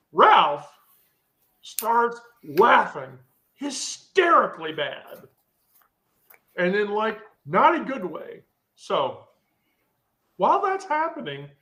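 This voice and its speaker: A woman's voice: fairly low pitch, big pitch swings, slow, pauses often, pushed and bright. A woman hosting a live social stream, telling a rambling, profane story full of asides.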